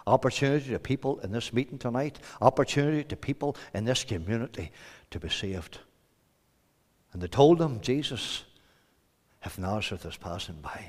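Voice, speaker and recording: A Northern Irish man preaching an evangelistic sermon, swinging from quiet low lines to loud shouted emphasis. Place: church hall. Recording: hall reverb.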